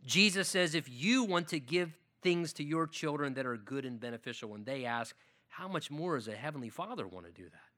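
Bright-voiced male pastor preaching earnestly. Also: fairly high pitch, animated, a little fast. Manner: earnest preaching, acts out dialogue with rising intensity. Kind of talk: sermon.

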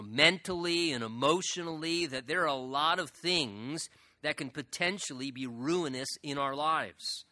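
A man's voice: on the high side, pushed and bright, no echo. A man pastor preaching a sermon in a church, earnest and emphatic, voicing prayers with rising intensity. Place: church sanctuary.

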